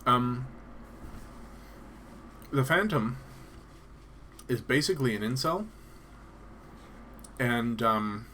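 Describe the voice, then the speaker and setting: A man's voice: medium pitch, animated, very slow, long pauses, sharp tone, slight background noise. Rambling Canadian-born male streamer. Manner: rambling, hesitant, lots of ums and restarts. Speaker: live streamer. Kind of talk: casual live-stream chat.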